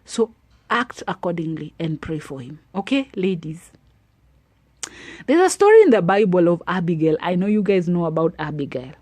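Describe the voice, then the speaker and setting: A woman giving preachy, animated advice to women and retelling a Bible story. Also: on the low side, normal speed, dry recording. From Africa. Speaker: advice vlogger. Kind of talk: motivational talk to women.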